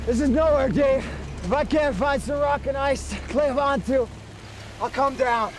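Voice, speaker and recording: An actor playing a young male climber in a documentary reenactment, shouting with strain. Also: very high-pitched, moderate pace. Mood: urgent. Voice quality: strained shouting over wind. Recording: distant shouts under loud music.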